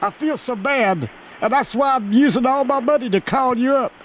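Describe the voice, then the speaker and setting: A man's voice: very high-pitched, moderate pace, slight background noise, voice pushed up. A man playing a nervous, rambling caller who keeps apologizing. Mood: fretful. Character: nervous rambling caller, sports-mad churchgoer.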